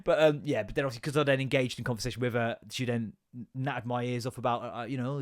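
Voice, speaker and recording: A man, hosting a podcast and telling stories in a casual, sweary, animated way with sudden loud outbursts. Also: medium pitch, quick pace. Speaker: podcast host. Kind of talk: casual comedic monologue.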